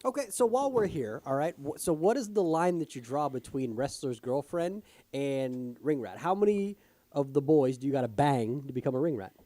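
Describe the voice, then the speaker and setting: A man's voice: medium pitch, lively intonation, moderate pace, dark tone, no room sound. A man co-hosting a casual podcast, talking bluntly and swearing heavily. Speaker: podcast co-host. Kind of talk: casual chat.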